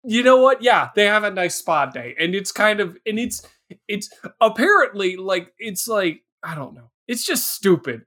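Man, very lively pitch, sarcastic riffing podcast co-host, jokey and mocking. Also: normal speed. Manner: sarcastic, animated riffing with laughs. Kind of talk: casual movie recap chat.

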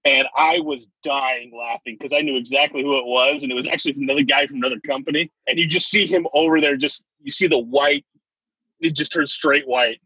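A man's voice: medium pitch, fast, pushed and bright, breathy edge, dry recording, poor audio. A young man, an army veteran, telling stories in a casual chat and laughing often between them.

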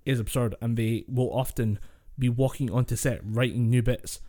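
A young man with a warm, mellow voice at a middle pitch. He co-hosts a casual podcast, pausing on ums and uhs and breaking into laughs. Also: steady tone. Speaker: podcast co-host. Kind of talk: casual chat.

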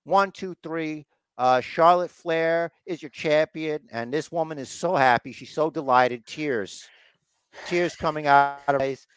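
A man's voice: a little high, measured pace, fairly bright tone, clear, resonant tone, dry recording. A man co-hosting a podcast, recapping a wrestling show in casual chat and acting out the wrestlers' lines. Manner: acts out wrestlers' lines in mock voices. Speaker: podcast co-host.

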